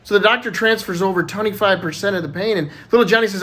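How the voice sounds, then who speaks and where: A man telling a string of jokes in a casual, animated way, jumping up in pitch for the punchlines. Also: fast. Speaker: joke teller.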